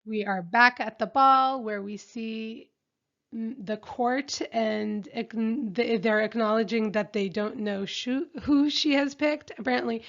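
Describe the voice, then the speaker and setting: A woman's voice: fairly high pitch, slow, a bit bright. A woman recapping a reality show episode in a chatty, opinionated way. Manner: chatty and opinionated, reads out quotes. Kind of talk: casual episode recap narration. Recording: dull lo-fi recording.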